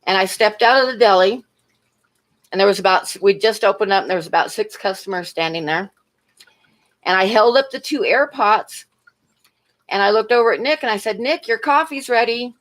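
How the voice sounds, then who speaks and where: A woman's voice: mid-range voice, moderate pace, pauses often, fairly bright tone. Chatty woman telling a rambling story. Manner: rambling storyteller, laughs often, talks to chat. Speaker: livestreamer. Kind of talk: casual chat.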